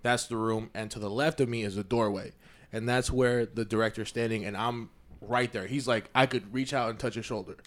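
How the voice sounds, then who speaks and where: A man co-hosting a casual podcast chat, telling a story with lively acted-out quotes and a lot of "you feel me.". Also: fairly low pitch, brisk. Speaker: podcast co-host.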